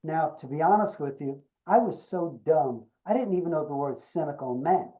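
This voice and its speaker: An older man, an actor being interviewed, tells an anecdote with animated delivery and acts out the dialogue. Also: a little high, moderate pace, rough recording. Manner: animated storyteller acting out quoted dialogue. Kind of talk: storytelling anecdote.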